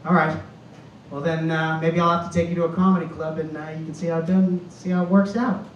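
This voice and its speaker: A comedian putting on his kindly mother, with a polished upper-class New England accent, speaking gently. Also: fairly high pitch, level tone, fast, lo-fi sound, a little hiss or hum, lightly acted. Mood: warm. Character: kindly Boston mother with refined Kennedy-style accent. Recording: roomy club, from far off.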